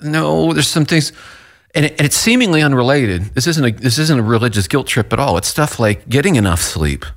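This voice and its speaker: A man co-hosting a Christian radio show, talking in a halting, earnest way and stammering a bit as he shares his own experience. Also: medium pitch, lively intonation. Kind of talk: casual devotional chat.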